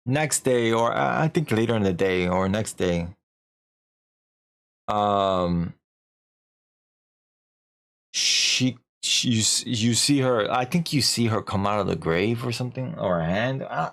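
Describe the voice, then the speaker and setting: A man's voice: on the low side, vocal fry. A young man streaming, casually recapping a story in a rambling, slangy way with lots of filler.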